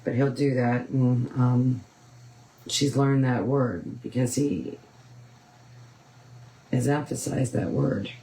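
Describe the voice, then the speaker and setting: A woman's voice: extremely low pitch, takes it slowly, pauses often, warm tone, a little hiss or hum, poor audio. A woman hosting a painting tutorial, chatting casually and rambling with frequent ums. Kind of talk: casual chat while painting.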